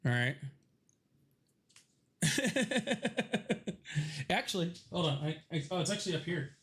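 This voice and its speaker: A man's voice: on the high side, sing-song, takes it slowly, a bit bright, slightly rough. A man hosting a casual live chat, rambling and joking with his viewers, laughing often, a little stuffy from allergies. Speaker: live stream host.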